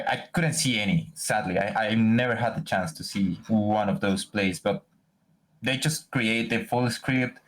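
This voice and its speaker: A man's voice: on the low side, poor audio. A man co-hosting a podcast in casual chat, rambling with many restarts. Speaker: podcast co-host.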